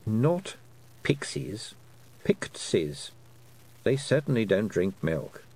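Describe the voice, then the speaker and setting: A man reading an audiobook, voicing a small talking toad with a dry, slow, matter-of-fact manner. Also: lowish voice, very animated, a little mellow, slightly rough, heavily acted. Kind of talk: audiobook character voice.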